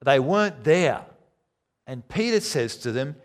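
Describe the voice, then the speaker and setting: A man preaching a sermon, emphatic, swinging between loud declarations and quiet, low lines. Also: expressive, a little slow.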